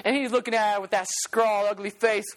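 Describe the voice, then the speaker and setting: A preacher giving a storytelling sermon, animated, repeating phrases for emphasis and now and then singing a line. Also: mid-range voice, quick pace.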